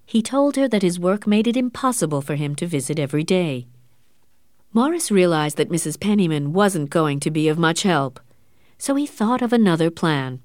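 A woman narrating an audiobook story with clear, expressive storytelling. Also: on the low side, normal speed, no room sound, studio quality.

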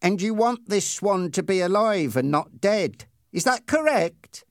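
A man's voice: sits high, expressive, unhurried, no echo, studio quality, pitched above the performer's own voice. A man doing Ernie, a cruel teenage bully. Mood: mocking. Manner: menacing, bossy.

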